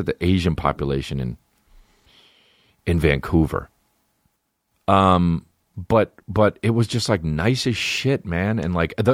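Profane, animated male comedian ranting. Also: low voice, dry recording, studio quality. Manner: profane, rambling, animated rants. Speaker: comedian podcast host. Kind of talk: casual comedy podcast monologue.

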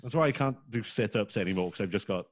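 A man's voice: on the low side, dry recording. A man jokes around on a comedy podcast. His voice swings widely up and down as he riffs. The sound is dry and close. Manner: animated, quick joking asides. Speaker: podcast guest, improv comedian. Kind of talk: improv comedy banter.

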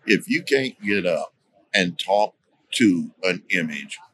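A man speaking as a guest in a podcast interview, explaining his points deliberately and repeating key words for emphasis. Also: low voice, animated, a bit bright, no echo. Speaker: guest, safety trainer.

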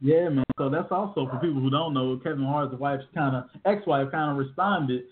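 A man in his thirties co-hosting a podcast, telling stories in animated, slangy casual chat. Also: mid-range voice, moderate pace, hardly any pauses. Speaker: podcast co-host. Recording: tinny phone-like audio.

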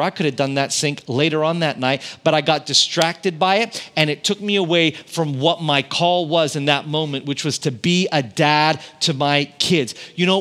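A man's voice: fairly high pitch, sharp tone. A man in his thirties, a pastor, preaching a sermon in a conversational storytelling way, building intensity on key points. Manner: conversational storytelling with impressions of family.

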